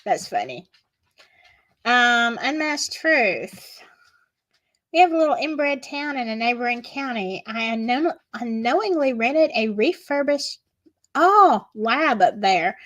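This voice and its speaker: A woman's voice: on the high side, very animated, takes it slowly, a bit bright. A woman with a Southern US accent, hosting a casual livestream and chatting with viewers in a gossipy way. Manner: chatty, gossipy, reads chat aloud. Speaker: livestream host.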